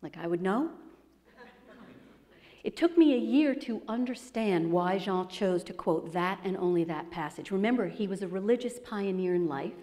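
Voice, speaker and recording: Woman telling stories onstage, mellow voice, big reverby hall. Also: mid-range voice, moderate pace. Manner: animated, acts out quoted voices. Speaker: speaker presenting her book. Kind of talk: storytelling talk to an audience. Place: expo presentation hall.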